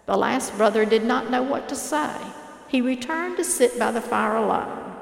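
A woman's voice: a little high, gravelly. Earnest woman reading a parable. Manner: measured, earnest storytelling. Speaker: storyteller. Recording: echoey hall reverb.

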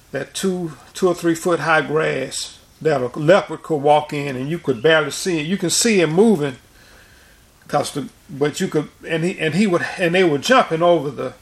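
Gravelly, slightly high-voiced male preacher. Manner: rambling, with frequent restarts and repeated words. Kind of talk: informal sermon and dream testimony.

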